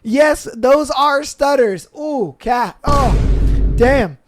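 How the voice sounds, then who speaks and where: A man's voice: very high voice, animated, extremely slow, slight background noise. A young man hosting a podcast, chatting casually and reading listener stories aloud in a laid-back, slangy way full of fillers. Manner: slangy and laid-back, heavy with fillers like "bro" and "you know". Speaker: podcast host.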